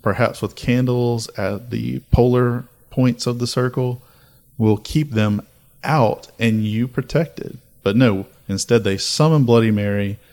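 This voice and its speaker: A man's voice: medium pitch, a little slow, a little mellow. A man hosting a casual podcast chat, telling spooky folklore with dramatic, building lists. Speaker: podcast host.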